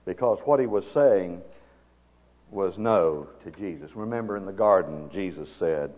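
A man preaching a sermon, swinging from hushed, slow phrases to loud, emphatic ones. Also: low-pitched, expressive. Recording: dull sound with long reverb.

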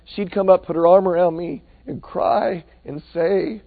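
A man preaching a sermon that is full of stories, animated, swinging between loud and hushed. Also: high-pitched, measured pace, gravelly, hardly any pauses. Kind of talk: sermon with storytelling. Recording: tinny phone-like sound.

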